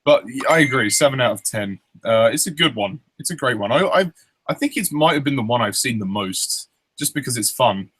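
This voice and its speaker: A young man reviewing films in a casual chat, relaxed and agreeable, quoting lines from the films. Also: mid-range voice, brisk, husky. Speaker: film reviewer.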